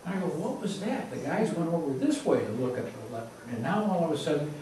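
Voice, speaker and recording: A man's voice: a little high, expressive, fast talker, mellow. Man telling a story in an echoey room. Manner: plain, repetitive storytelling, builds suspense. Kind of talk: casual spoken personal anecdote. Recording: very echoey room, distant mic, faint noise.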